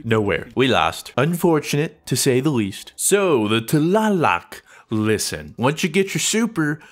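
A young man giving jokey, excitable commentary over his own gameplay as a gaming YouTuber. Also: mid-range voice, measured pace. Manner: excitable, jokey, prone to yelps and laughs.

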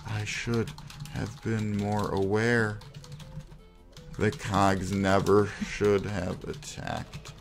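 A man narrates his gameplay in a slow, unhurried drawl with a gravelly, creaky edge to his voice. He plays up theatrical self-pity, sighing heavily between lines. Faint music sits quietly behind him. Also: on the low side, level tone. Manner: theatrical self-pitying despair with heavy sighs. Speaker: gameplay video creator. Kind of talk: melodramatic gameplay commentary.

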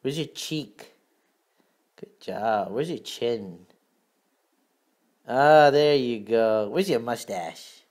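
A young father at home, patiently quizzing his toddler with simple questions and giving warm praise. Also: medium pitch, very slow, pauses often. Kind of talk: home video, casual parent talk.

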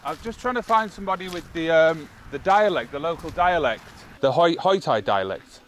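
A man's voice: a little high, lively intonation, moderate pace, fairly bright tone. A young man from England with an English accent, chatting in a casual, upbeat way as a travel vlogger. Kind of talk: casual chat. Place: outdoors and in a car. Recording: outdoor noise and traffic.

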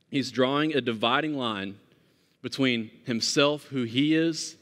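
Earnest pastor preaching in a reverberant sanctuary. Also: male voice, medium pitch, fairly bright tone. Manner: earnest, informal, with restarts and fillers. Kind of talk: conversational sermon. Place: church sanctuary. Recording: long church-hall reverb.

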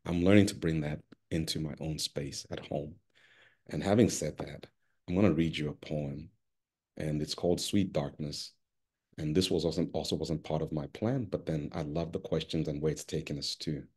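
A middle-aged man delivers an online conference keynote over a video call. His voice sits low and slightly husky. He speaks expressively and turns to listeners by name. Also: fairly even intonation, moderate pace, a little mellow.

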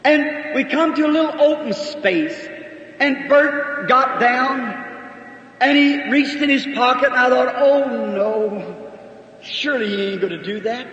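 A very high-pitched man preaches in an earnest, folksy storytelling manner. His voice carries from far off in a big hall with a long echo. The old recording sounds muffled and dull. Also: fairly bright tone. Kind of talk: storytelling sermon.

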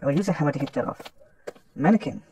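A man commentating a horror game as he plays, excitable and taunting the monster, with some swearing. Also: a little high, rapid-fire, slight background noise. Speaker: gaming commentator. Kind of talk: let's play commentary.

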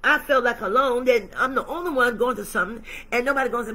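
A woman's voice: on the high side, fast talker, few pauses, pushed and bright. A woman pastor preaching emphatically, acting out her dialogue with God. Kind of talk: sermon.

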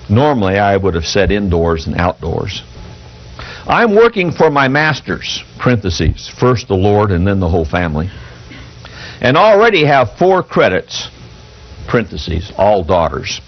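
A male pastor preaching a sermon from the pulpit in a folksy, halting way, reading an article aloud to the congregation. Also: fairly low pitch, sing-song. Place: church pulpit. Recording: dull lo-fi church recording.

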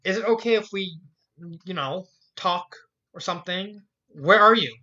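A reader voicing a bookish, anxious young mare who talks haltingly and trails off. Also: mid-range voice, bright, forceful tone, highs cut off. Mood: unsure.

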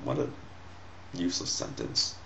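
Sarcastic low-voiced man critiquing a story. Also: sing-song, moderate pace, vocal fry, a bit bright, roomy sound, slight background noise. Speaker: host reading a story aloud. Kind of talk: reading a story aloud and mocking it.

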